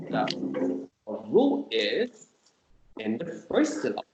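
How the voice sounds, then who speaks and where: A man teaching Korean in an online class, explaining slowly and patiently and repeating example sounds. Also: fairly high pitch, huge pitch swings. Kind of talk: online language lesson. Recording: echoey room with faint noise.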